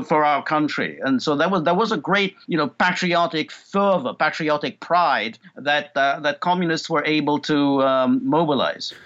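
A man, a guest analyst in a political interview, speaking haltingly with many fillers and repeats. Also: fairly high pitch, fairly bright tone, lo-fi sound.

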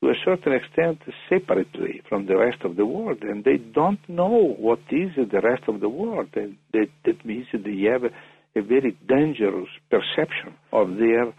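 Gravelly man on a tinny phone line. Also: mid-range voice, animated, normal speed. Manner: hesitant, many fillers and restarts. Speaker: interview guest. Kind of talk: phone interview.

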